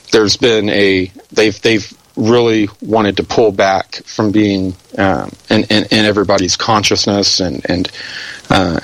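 A man being interviewed who talks haltingly with many fillers and restarts, and says he is losing his voice. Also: lowish voice, a bit bright, rough recording. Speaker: interview guest. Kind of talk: hesitant conversational interview.

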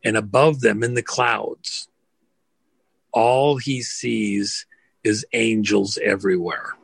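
A man's voice: fairly low pitch, fairly even intonation, slow pace, gravelly, breathy edge, no room sound. A man delivering an impassioned, emphatic monologue, stacking phrases in rousing lists.

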